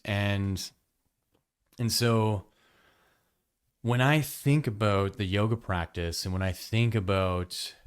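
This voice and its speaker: A yoga teacher hosts his podcast, sharing a personal story in a frank, emphatic, conversational monologue. His voice sits on the low side and has a clean tone.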